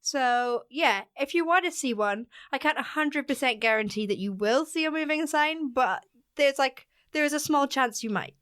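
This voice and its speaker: A woman's voice: high-pitched, lively intonation, normal speed, a bit bright. A woman guest, a vocal coach, chatting casually and hedging with fillers as she talks. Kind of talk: casual chat.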